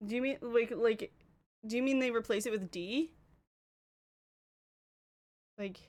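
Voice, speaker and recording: Young canadian woman on stream, kinda high voice, chatty, answering chat while doing makeup. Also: a little slow, long pauses, darkish tone. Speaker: livestreamer.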